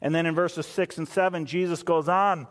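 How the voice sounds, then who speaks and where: High-voiced pastor preaching in a reverberant hall. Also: male voice, steady tone, moderate pace. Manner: emphatic, repeats phrases for stress. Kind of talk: sermon.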